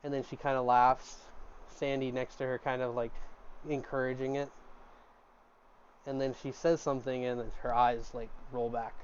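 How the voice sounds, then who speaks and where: A man's voice: mid-range voice, flat delivery, normal speed, slight background noise. A man narrating a tabletop game as game master, in a loose, filler-heavy storytelling way. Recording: dull lo-fi recording.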